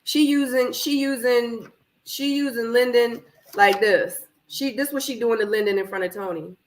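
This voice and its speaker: A woman hosting a live reaction stream from her home office, a little hoarse from being under the weather, animated and laughing as she talks back to the screen. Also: on the high side, normal speed, poor audio. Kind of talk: casual live watch-party chat. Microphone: camera microphone.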